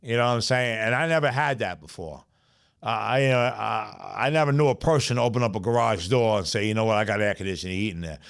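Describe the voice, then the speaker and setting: A man's voice: fairly low pitch, quick pace, creaky, clear, resonant tone. A middle-aged man with a New York accent, telling streetwise stories in a casual, profane podcast chat. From South Bronx, New York. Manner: streetwise, profane, repeats "you know what I'm saying". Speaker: podcast guest storyteller.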